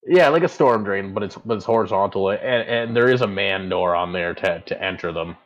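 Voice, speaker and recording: A man with a very low voice runs a tabletop game and narrates the scene. He rambles, often stopping mid-sentence to hunt for the right word. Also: fairly quick, dull audio. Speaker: game master.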